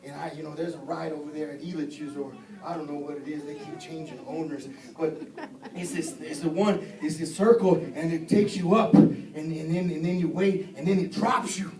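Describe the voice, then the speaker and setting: Picked up off mic in a reverberant church hall, a middle-aged preacher with a slightly high, steady male voice speaks at a normal pace amid crowd noise, and the congregation shouts back responses. His sermon is informal and funny, full of repeated phrases, moving from gentle stories to shouted exhortations.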